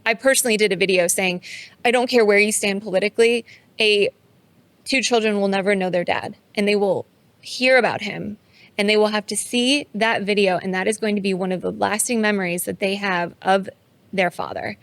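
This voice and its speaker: A woman with a mid-pitched voice co-hosts a casual podcast chat. She tells of recent events with steady indignation. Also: fairly quick. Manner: indignant, recounting events in a steady conversational flow. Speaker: podcast co-host.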